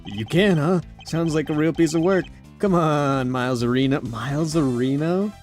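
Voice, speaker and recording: A man's voice: fairly high pitch, normal speed, a little mellow, soft background music, pitched above the performer's own voice, close to an everyday voice. A man voicing a brash, chummy male detective with a breezy, wisecracking delivery. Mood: teasing. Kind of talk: game dialogue read aloud.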